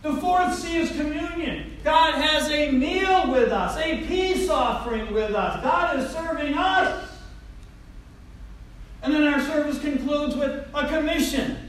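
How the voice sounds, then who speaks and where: A man preaching a sermon as pastor, emphatic and swinging between loud declarations and quiet asides. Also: very high voice, measured pace, a little hiss or hum. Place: church sanctuary. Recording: very echoey, distant mic.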